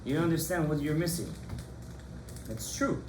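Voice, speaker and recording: A man, a rabbi, giving a lively Torah class to students in a study hall, animated and impassioned, calling on his students by name. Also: fairly high pitch, moderate pace, noisy background.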